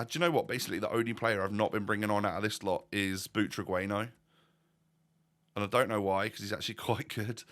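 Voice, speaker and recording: A man's voice: lowish voice, bright, forceful tone. A man giving casual commentary over gameplay as a YouTuber, chatty and thinking aloud while asking viewers questions. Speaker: gaming YouTuber.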